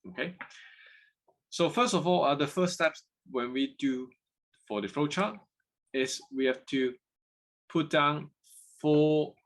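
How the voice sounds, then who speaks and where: A man's voice: fairly high pitch, takes it slowly, pauses often, a bit bright. A man with a Hong Kong accent giving a lecture, moving between English and Cantonese and checking in with students through frequent "OK"s and "can you follow?". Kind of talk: university lecture.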